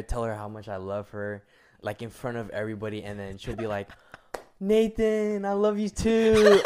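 A young man in casual podcast chat, slangy and rambling, often dropping to a low mutter. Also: smooth.

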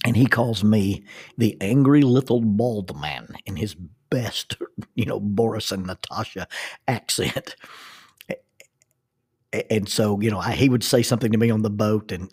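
A middle-aged man tells a personal story in a rambling, self-deprecating way, often restarting his sentences. His voice sits a little low and has a husky edge. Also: a little mellow.

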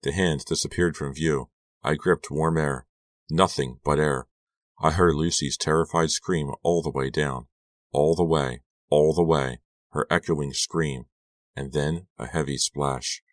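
Very deep-voiced male audiobook narrator. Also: fairly even intonation, measured pace, dry recording, clean studio sound.

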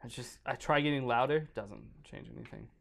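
A man of middle pitch co-hosts a podcast in casual chat. He reads a story aloud but keeps breaking off to joke and ramble. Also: a little fast, creaky, fairly bright tone, a little hiss or hum. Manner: rambling, joking, breaks off into banter mid-story. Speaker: podcast co-host.

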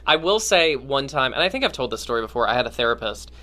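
A young man on a podcast, chatting casually and telling stories with big pitch swings. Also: lively intonation, fast, pushed and bright. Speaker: podcast co-host. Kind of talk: casual chat.

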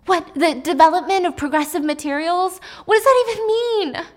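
A woman's voice: extremely high pitch, normal speed, pitched above the performer's own voice. A woman voicing a frightened young wife who pleads to be believed, distraught and insistent. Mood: distraught pleading.

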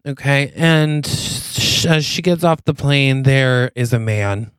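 A man's voice: medium pitch, steady tone, takes it slowly, fairly bright tone, clean tone, dry recording, studio quality. A man co-hosting a podcast, animatedly telling a made-up movie plot and acting out the characters' lines. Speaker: podcast co-host. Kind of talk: casual chat, pitching a made-up holiday movie plot.

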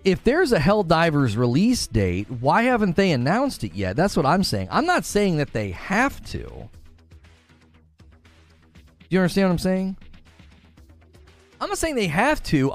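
Animated male livestream host. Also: no room sound. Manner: animated, exaggerated high-pitched voice when mocking or acting out others. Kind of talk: casual live-stream chat.

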